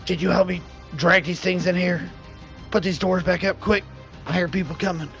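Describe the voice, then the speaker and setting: A man's voice: high voice, steady tone, moderate pace, vocal fry, fairly bright tone, soft background music, pitched above the performer's own voice. A man voicing a frank, grateful female town leader who talks in a chatty, hesitant, folksy way. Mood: urgent. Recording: dull lo-fi audio.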